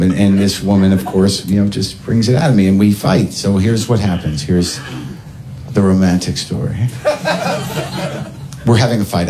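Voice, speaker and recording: Animated stand-up comic man. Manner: animated, acts out voices with big pitch jumps. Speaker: stand-up comedian. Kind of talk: stand-up storytelling. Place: comedy club stage with audience.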